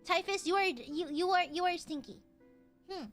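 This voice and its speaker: A woman streamer chatting casually with her audience, excitable and profane, often shouting and laughing. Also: very high voice, normal speed, faint music behind. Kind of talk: casual live-stream chat.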